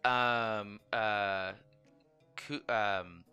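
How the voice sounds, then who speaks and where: A man with a very low, bright voice narrates as dungeon master of a tabletop game. He tells the scene loosely, with lots of ums and restarts, over faint background music. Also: drawn-out words, smooth, highs cut off. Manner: relaxed storytelling with many fillers.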